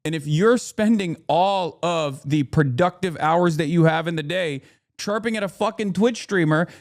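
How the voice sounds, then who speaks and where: A man ranting on his live stream, heated and profane, swinging between loud outbursts and low mutters. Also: normal speed.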